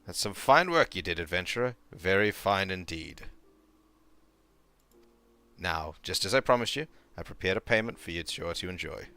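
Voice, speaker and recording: A man's voice: deep voice, expressive, normal speed, pushed and bright, clear, resonant tone, soft background music, heavily acted. A man reading out a greedy older male merchant in a folksy, old-timey drawl, close to the mic. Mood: sly.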